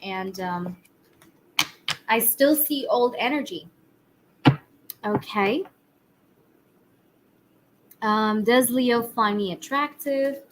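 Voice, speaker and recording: Woman, husky voice, chatty live-stream tarot reader, lots of fillers, faint background hiss. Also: on the high side, very slow, long pauses, low-quality recording. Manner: casual, chatty, many fillers.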